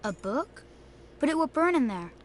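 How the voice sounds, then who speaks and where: A woman voicing an earnest, unsure young boy in a video game, asking questions in a soft, uncertain way. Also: high-pitched, very animated, normal speed, a crowd in the background. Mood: puzzled.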